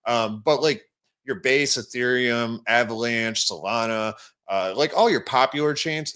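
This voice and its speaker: A man's voice: mid-range voice, unhurried, fairly bright tone, clean tone. A man hosting a casual livestream, rambling as he clicks through an app and greets viewers in the chat. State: has the hiccups. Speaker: crypto livestream host.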